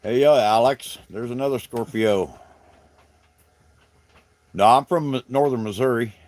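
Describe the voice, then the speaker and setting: A man's voice: mid-range voice, a little slow, a little mellow, no room sound. A middle-aged man from South Carolina with a Southern accent, chatting casually with viewers on his livestream in a folksy, rambling way. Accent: Southern American. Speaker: livestream host.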